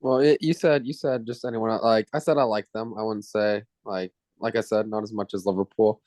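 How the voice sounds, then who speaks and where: Relaxed low male guest, dry sound. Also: fairly quick, no echo. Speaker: podcast guest. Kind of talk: casual chat.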